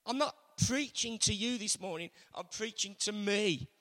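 A man preaching a sermon earnestly, moving between loud emphasis and hushed, intimate passages. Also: high voice, normal speed. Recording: long hall reverb.

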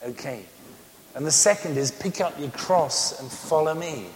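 A man's voice: fairly high pitch, a little slow. A man in his sixties preaching a sermon, joking and telling stories between repeated amens. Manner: animated, joking storyteller with many amens. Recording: reverberant hall with faint noise.

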